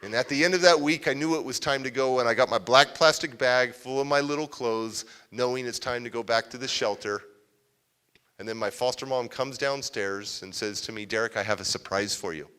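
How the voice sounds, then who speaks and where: A man giving a motivational talk in a large hall, telling a story in an animated way. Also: medium pitch, moderate pace, clean tone. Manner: animated, acts out scenes. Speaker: motivational speaker. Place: large civic center hall, live audience.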